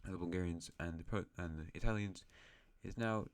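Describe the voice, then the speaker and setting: A man's voice: low-pitched, fairly quick. A man hosting an alternate-history map series, narrating in a rambling, chatty way with self-mocking asides. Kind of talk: casual map-game commentary.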